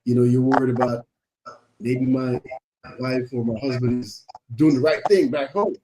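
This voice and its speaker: A man hosting a casual chat podcast, telling stories in an animated way and acting out voices. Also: mid-range voice, moderate pace, slight background noise. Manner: animated storyteller, acts out voices. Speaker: podcast host.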